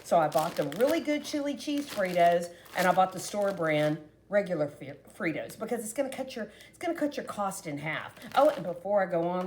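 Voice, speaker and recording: A woman's voice: on the low side, big pitch swings, fairly quick, few pauses, a little mellow, a little hiss or hum. A woman hosting a casual home cooking video, chatty and folksy, talking straight to her viewers.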